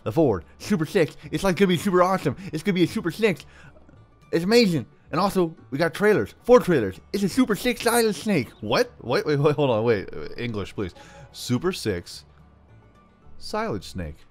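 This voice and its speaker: A young man giving goofy, hyper commentary on his gameplay, jumping between loud yelps and mumbled asides. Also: fairly high pitch, big pitch swings, moderate pace. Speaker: gaming YouTuber. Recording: faint game music behind.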